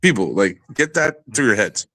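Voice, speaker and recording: A man telling a long, animated and profane story in a casual podcast chat. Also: fairly low pitch, normal speed, no echo. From New York area.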